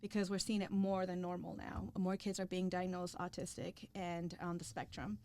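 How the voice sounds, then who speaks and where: A woman's voice: on the low side, little pitch movement, moderate pace, a little mellow. A woman co-hosting a casual podcast chat, talking earnestly in long run-on explanations. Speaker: podcast co-host and real estate agent.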